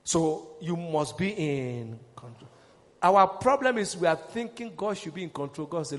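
A man preaching a sermon, emphatic and rousing, calling questions to his congregation and rising into shouts. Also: high voice, expressive, unhurried, long reverb tail.

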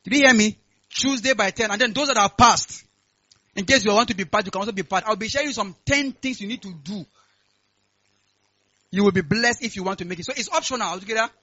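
High bright-voiced fervent man preaching. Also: fast talker, no echo, muffled recording. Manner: call-and-response, asks "are we together?"; rising to loud fervent prayer. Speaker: pastor. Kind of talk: sermon with announcements and prayer. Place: church.

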